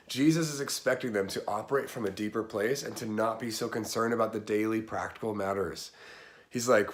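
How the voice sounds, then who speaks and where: A man with a somewhat low voice walks through a Bible passage in casual commentary. His delivery is relaxed and conversational, slipping in everyday slang. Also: normal speed. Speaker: Bible teacher.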